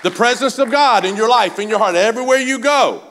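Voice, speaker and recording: During a church service, a fervent pastor with a high male voice delivers a brisk sermon over slight background noise. He keeps urging the congregation with "come on," swinging between shouting and quiet speech.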